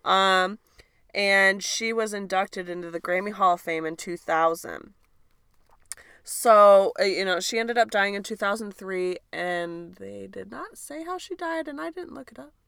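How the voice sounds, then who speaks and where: A woman's voice: medium pitch, gravelly, fairly bright tone, smooth, no room sound, clean studio sound. A woman in her thirties from Michigan, co-hosting a podcast in casual chat, chatty and emphatic. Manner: chatty, emphatic, quick to agree. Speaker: podcast co-host.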